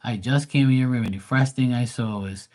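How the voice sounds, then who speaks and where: With a mid-range, slightly mellow voice and a brisk pace, a man chats and rants on his live stream. He curses, mocks, and drawls through quotes of people in exasperated put-on voices.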